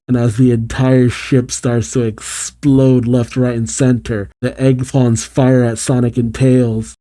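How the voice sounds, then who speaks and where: Casual male comic reaction host, very mellow, dark voice, reads and comments. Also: mid-range voice. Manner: casual, chuckling asides. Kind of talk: reading a comic aloud with reactions.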